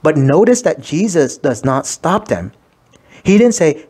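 Priest giving a measured sermon. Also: male voice, fairly high pitch, very animated, a little mellow, breathy edge. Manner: measured, explanatory, quotes scripture aloud. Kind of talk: sermon reflection.

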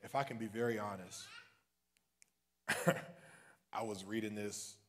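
A male minister preaching a livestreamed sermon in a casual, joking way, swinging from soft asides to loud, high cries. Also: steady tone, unhurried. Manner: casual and joking between points.

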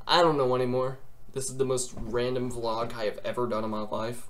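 A young man rambles through a comedic rant for his gaming vlog, swearing freely and blowing everything out of proportion. His voice sits at an ordinary middle pitch. A faint noise hangs behind him. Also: little pitch movement, fairly quick. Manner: joking, swearing, exaggerated. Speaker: gaming vlogger.

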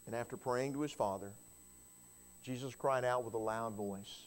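Man preaching a lively storytelling sermon. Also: medium pitch, moderate pace. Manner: storytelling sermon with wide swings in loudness, rising to cries; repeats words when starting a phrase. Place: church.

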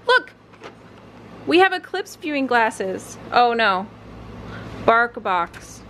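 A woman's voice: fairly high pitch, very animated, slow, fairly bright tone, slight background noise. A young woman chatting casually in a home vlog, often switching to a sing-song voice for her dog. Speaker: vlogger. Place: home living room.

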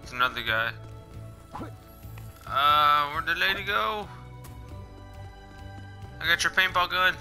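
Excitable young man narrating gameplay. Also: slow pace, pauses often. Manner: excitable, makes high-pitched "pew pew" gun noises. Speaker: gaming video host. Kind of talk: casual gameplay commentary. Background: game music.

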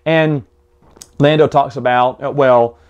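A man's voice: mid-range voice, steady tone, takes it slowly, clear, resonant tone, highs cut off. A man hosting a casual book recap, talking with enthusiasm and rambling through restarts. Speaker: book review host.

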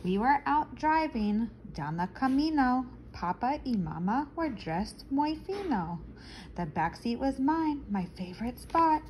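A woman reading a children's picture book aloud, expressive and stopping to explain words to young listeners. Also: mid-range voice, unhurried, slight background noise, poor audio. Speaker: storyteller for children.

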